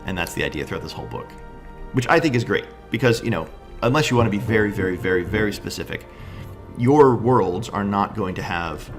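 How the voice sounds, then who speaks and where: A man's voice: on the low side, animated, fairly quick, soft background music. A man casually reviewing tabletop game books, enthusiastic and thinking aloud, often asking "right?".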